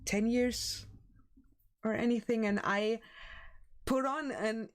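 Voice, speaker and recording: A woman's voice: on the high side, steady tone, takes it slowly. A young woman from Germany chats with her stream viewers in English, in a German accent. She takes her time with each sentence, laughs often and reads the chat aloud. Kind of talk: casual chat with live viewers.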